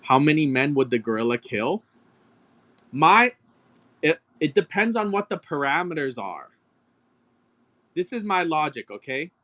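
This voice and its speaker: A man running a live-stream card auction, ranting excitedly and cursing as he argues a point with his viewers. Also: a little high, measured pace, pauses often. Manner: profane, excitable, argumentative ranting.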